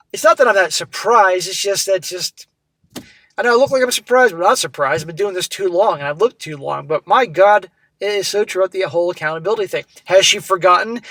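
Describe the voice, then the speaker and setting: A man with a fairly high voice reads a listener's letter aloud and keeps cutting in with blunt, sarcastic remarks. The sound is close and dry, with almost no room around it. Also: fairly bright tone, no echo, poor audio. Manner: blunt, sarcastic asides between read passages. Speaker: host reading and reacting to a viewer's letter. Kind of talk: reading a story aloud with commentary.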